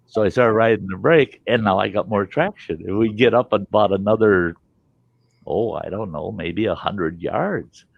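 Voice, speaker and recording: A man hosting a storytelling show, telling a rambling, folksy, animated tale and swearing casually as he goes. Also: fairly low pitch, gravelly, dry recording, dull audio. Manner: animated, folksy, swears casually, chuckles through his tales. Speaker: podcast host.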